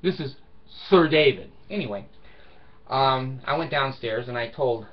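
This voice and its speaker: A man's voice: mid-range voice, measured pace, highs cut off. An older man telling a personal story in a casual vlog monologue, blunt and emphatic, with frequent swearing. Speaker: vlogger.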